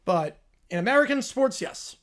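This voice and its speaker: A man hosting a casual live Q&A stream, answering chat questions with relaxed asides. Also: very high-pitched, moderate pace.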